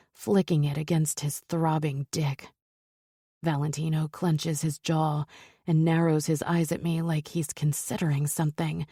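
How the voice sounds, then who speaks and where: Low, breathy woman narrating romance. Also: dark tone, dry recording, studio quality. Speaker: audiobook narrator. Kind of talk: scripted first-person romance narration.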